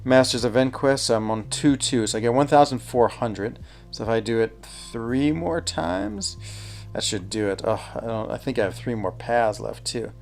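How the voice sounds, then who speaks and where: A man's voice: mid-range voice, moderate pace, gravelly, a little hiss or hum. A man chatting casually while streaming a mobile game, thinking aloud, answering chat and laughing easily. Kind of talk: casual live gameplay commentary.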